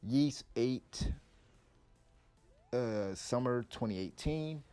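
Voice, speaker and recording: A man's voice: mid-range voice, animated, extremely slow, mellow, smooth, no room sound, soft background music. A man giving casual, rambling opinion commentary on game news, blunt and often restarting his sentences.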